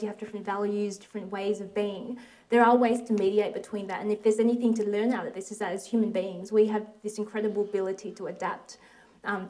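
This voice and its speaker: A woman from Australia telling a personal family story in a reflective, anecdotal way, with soft laughs and quoted asides. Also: mid-range voice, low-quality recording.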